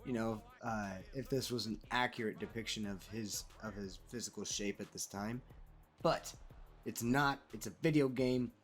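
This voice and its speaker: A man giving casual, animated play-by-play commentary over a wrestling video game he is playing, calling players "brother". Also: fairly low pitch, moderate pace, faint music behind. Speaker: gaming commentator.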